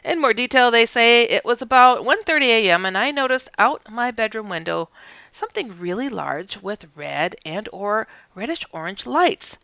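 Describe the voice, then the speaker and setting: Lively-voiced woman reading sighting reports. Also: fairly high pitch, normal speed, vocal fry, smooth, no echo, lo-fi sound. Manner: wry, chatty asides between readings, laughs often. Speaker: news show host.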